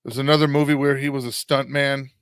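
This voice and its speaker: Man, casual chat, halting, gravelly, resonant, dry close sound. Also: medium pitch, level tone, fairly bright tone, dry recording. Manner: halting, searches for words.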